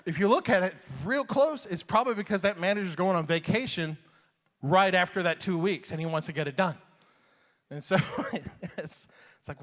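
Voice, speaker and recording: Brief: male stand-up comic in his forties from Iran, lively and high-pitched, long hall reverb. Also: normal speed. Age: 40s. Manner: animated, chuckles at own jokes. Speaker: comedian. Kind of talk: stand-up comedy.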